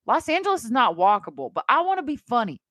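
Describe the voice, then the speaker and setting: Animated self-mocking woman in her thirties. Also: fast, no room sound. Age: 30s. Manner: animated, self-mocking storyteller, big pitch swings. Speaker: podcast co-host. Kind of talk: casual chat.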